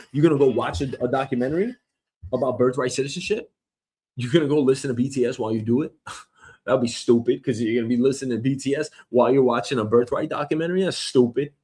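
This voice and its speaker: A man with a husky, slightly rough voice hosts a one-man comedic news show. He rambles and swears freely, picking mock arguments with an imagined listener. His pitch sits in the middle of the male range. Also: darkish tone. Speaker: host. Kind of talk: comedic solo news rant.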